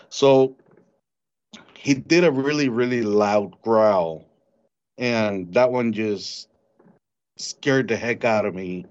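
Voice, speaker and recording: A man recounting a frightening encounter in an interview, halting and repeating words as he tells it. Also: on the low side, a little mellow. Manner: halting, repeats words when shaken, mimics animal sounds. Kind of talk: storytelling in an interview. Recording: dull lo-fi recording.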